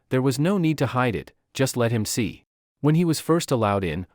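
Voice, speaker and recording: A man's voice: mid-range voice, a little mellow, no room sound, clean studio sound. A man narrating a story recap in a dramatic storytelling manner.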